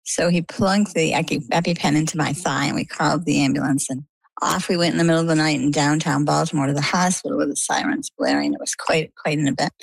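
Low, gravelly middle-aged woman storyteller. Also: quick pace, no room sound, poor audio. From Maine, USA. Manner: animated storyteller acting out quoted dialogue. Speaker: interview guest. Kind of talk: conversational storytelling.

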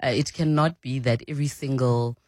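Woman doing listener feedback on radio, dry mic, measured and agreeable. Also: a bass voice, fairly even intonation, darkish tone, no echo. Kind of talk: radio news chat. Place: radio studio.

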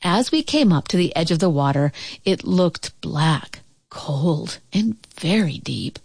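Expressive woman reading a children's story. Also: lowish voice, takes it slowly, creaky, slightly rough, no room sound. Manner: expressive, animated. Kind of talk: read-aloud children's story.

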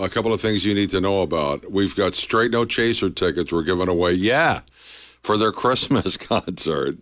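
A man's voice: deep voice, moderate pace. A man hosting a morning radio show, chatting and joking in an upbeat way over a faint music bed. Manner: chatty, jokey, lively delivery.

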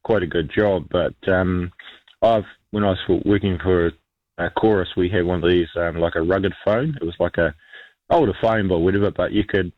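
A man's voice: low voice, moderate pace, no echo, phone-quality sound. A New man chatting casually as a radio guest, rambling with lots of ums and restarts.

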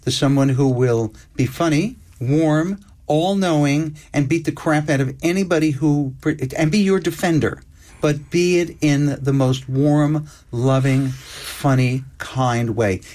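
An older man, a guest on an interview show, telling stories in a wry, unhurried way and lingering on his words. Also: a little high, a little mellow. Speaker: screenwriter guest. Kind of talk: interview chat.

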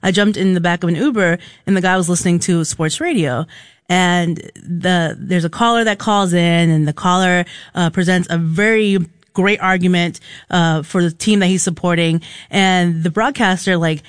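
A radio co-host in casual on-air chat, telling stories in an animated way and acting out the dialogue in them. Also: mid-range voice, normal speed, clean tone, no room sound, clean studio sound. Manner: animated storyteller who acts out dialogue.

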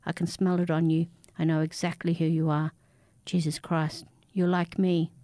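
A woman voicing a frightened, desperate man who pleads for his life, rambling and rising in pitch as he begs. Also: level tone, normal speed, dark tone, dry recording, clean studio sound, natural voice. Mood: wary. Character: frightened desperate man, a cursed family father.

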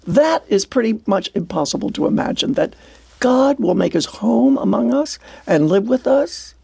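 Older woman on christian radio, gravelly dark voice, earnest and wonder-struck, dry studio sound. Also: a little high, animated, normal speed, no echo. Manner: warm, earnest, exclaiming with wonder. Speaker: radio program host. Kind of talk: heartfelt devotional radio talk.

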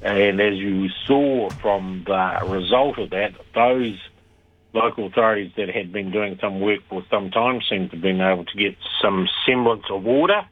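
A man, a radio interview guest talking over the phone in a measured, critical way with thoughtful pauses. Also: fairly low pitch. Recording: tinny phone line.

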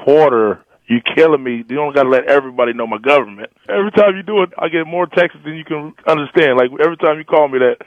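A man rattles off his words quickly with a tone of joking exasperation. The clip sounds dull and lo-fi, dry with no room around it. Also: fairly high pitch, no echo.

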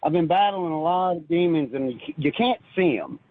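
A man's voice: on the high side, lively intonation, no echo. Earnest man calling in over a phone. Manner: earnest, halting, many restarts. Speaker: caller. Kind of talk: phoned-in personal testimony. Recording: tinny phone line.

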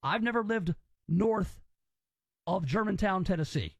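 High-voiced opinionated man. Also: expressive, unhurried, no echo. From Southern US. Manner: opinionated and rambling. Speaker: podcast host. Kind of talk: casual chat.

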